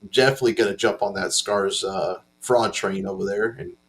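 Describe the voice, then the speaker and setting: Male stream host, lower voice, informal and chatty. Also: brisk. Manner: chatty, informal, loose filler-heavy introductions. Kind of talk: casual live-stream hosting.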